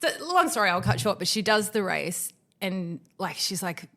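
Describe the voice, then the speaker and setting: Woman podcast host; animated, dramatic storyteller, casual and a little profane. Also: mid-range voice, moderate pace. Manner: swears casually. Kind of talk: casual chat.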